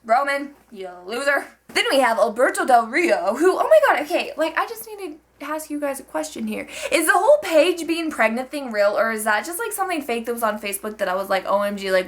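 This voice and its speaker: A young woman giving a casual, profane, animated vlog recap of a wrestling show, full of fillers and outbursts. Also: a little high. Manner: profane, animated, excitable, fast-talking with many fillers.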